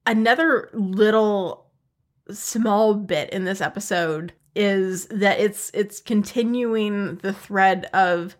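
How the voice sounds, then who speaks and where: A woman co-hosting a casual podcast chat in a measured, thoughtful way. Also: mid-range voice. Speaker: podcast co-host.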